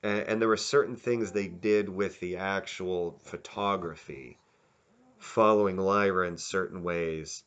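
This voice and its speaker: A man's voice: sits low, fairly even intonation, a little slow, a bit bright, clear, resonant tone, lo-fi sound. A man giving a casual, rambling spoken review, often restarting and correcting himself. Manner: rambling, self-correcting, candid. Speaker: video reviewer.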